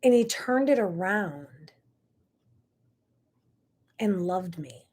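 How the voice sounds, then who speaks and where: A woman's voice: mid-range voice, expressive, drawn-out words, a little mellow. A middle-aged woman hosting a talk show, telling a personal story in an earnest, emotional way with many asides. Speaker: host.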